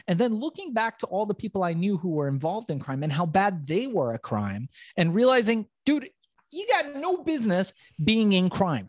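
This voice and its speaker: Man telling a lively story, dry sound. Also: a little high, no echo. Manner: animated, swearing, acts out quoted voices. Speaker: podcast guest, entrepreneur. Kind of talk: storytelling in a podcast interview.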